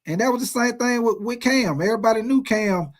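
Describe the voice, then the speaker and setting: A man's voice: extremely high pitch, a little fast. A man hosting casual sports talk, emphatic and full of profanity.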